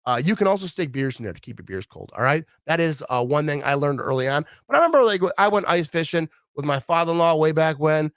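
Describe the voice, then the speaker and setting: Brief: middle-aged Midwestern-born man, lively swinging delivery, dry close recording. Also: on the high side, fast, hardly any pauses, smooth, no room sound. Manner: rambling, animated, acts out quoted voices. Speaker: vlogger. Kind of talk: casual rambling monologue.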